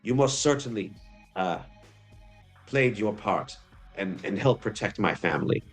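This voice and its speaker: A game master puts on a middle-aged German inventor who is the father of a family. He speaks in a thick German accent, formal and earnest, full of effusive thanks, in a lowish voice. Faint music plays behind the tabletop game. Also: expressive, a little slow, breathy edge. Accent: German, put on.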